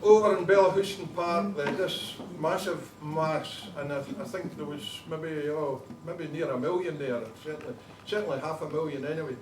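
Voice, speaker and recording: A man's voice: fairly high pitch, normal speed, few pauses. An older man with a Glaswegian accent, a former police officer, tells a funny story to a live audience and laughs at his own jokes. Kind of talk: humorous anecdote to a live audience. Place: concert hall with an audience. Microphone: far camcorder on tripod. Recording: roomy hall from a distance, noisy.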